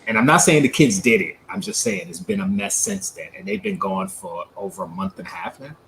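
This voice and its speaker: A man co-hosting a livestream in relaxed, casual chat, laughing often, heard over a streaming video call. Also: lowish voice, fairly quick, a little hiss or hum, poor audio. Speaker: livestream co-host.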